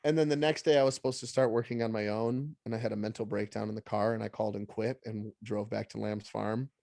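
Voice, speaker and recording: A man's voice: fairly low pitch, fairly even intonation, fast, vocal fry, darkish tone, dry recording, studio quality. A man in his thirties co-hosting a podcast, telling a story in casual chat and jumping into quoted voices. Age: 30s. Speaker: podcast co-host.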